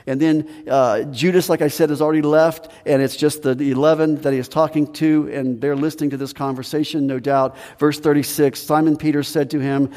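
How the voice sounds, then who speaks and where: A man preaching a sermon to his congregation in a conversational way, his pitch swinging up and down for emphasis. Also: a little mellow. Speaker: pastor. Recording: long reverb of a large hall.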